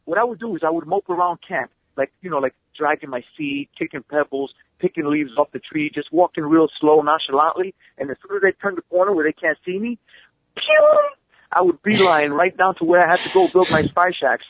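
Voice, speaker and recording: A fast-talking guest on a tinny phone call tells stories in a casual interview, excitable and swearing freely. His voice is on the high side, with no echo.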